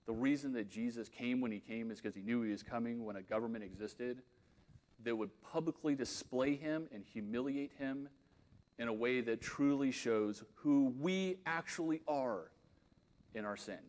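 A man preaching with real earnestness. His voice sits in an ordinary middle pitch, and he swings between loud, emphatic declarations and quiet, intense asides. The delivery is sermon-like, aimed at a congregation. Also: normal speed. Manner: leads a closing prayer.

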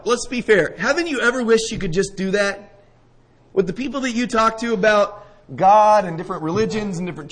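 Preaching in a high voice, this pastor brings a scripture story to life, acting out its scenes and asking the congregation questions along the way. The recording is rough.

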